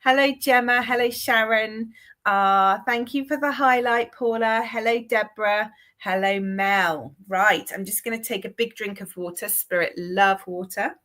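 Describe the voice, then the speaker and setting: A woman's voice: fairly high pitch, fairly even intonation, unhurried, fairly bright tone. Chatty woman with a Southwest English accent. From Southwest England. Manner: chatty, calls viewers darling and sweetheart. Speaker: medium. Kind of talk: live-stream mediumship session.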